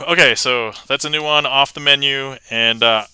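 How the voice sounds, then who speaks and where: Bright, upbeat male magic streamer. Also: mid-range voice, steady tone, normal speed, smooth. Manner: chatty and upbeat, reading chat aloud with thanks. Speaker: magician livestream host. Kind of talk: casual livestream chat.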